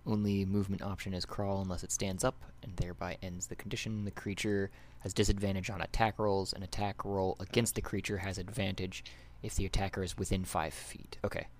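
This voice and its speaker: A man running a tabletop game as game master, halting as he reads rules aloud. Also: sits low, level tone.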